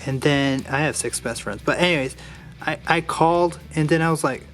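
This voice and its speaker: A man's voice: fairly high pitch, normal speed, fairly bright tone, faint music behind. A man casually walking through a Lego build step by step, drifting off into a rambling personal story and restarting his sentences as he goes.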